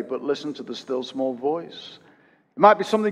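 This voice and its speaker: A pastor in his fifties preaching a sermon, swinging from loud emphatic peaks to hushed quiet and repeating phrases for emphasis. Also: on the high side, lively intonation, normal speed, in a large hall, dull audio. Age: 50s. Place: church.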